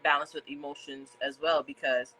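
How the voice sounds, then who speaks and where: A woman hosts a casual podcast chat in a bright, forceful voice. She talks earnestly and stacks repeated phrases to drive her points home. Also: sits low, flat delivery, normal speed, breathy edge, poor audio. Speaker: podcast host. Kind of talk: casual conversation. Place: indoor room with a fan.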